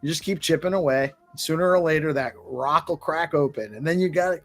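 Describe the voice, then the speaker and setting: A man's voice: on the high side, brisk. A man hosting a casual live audio chat, upbeat and enthusiastic. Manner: upbeat, enthusiastic, laughs often. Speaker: host.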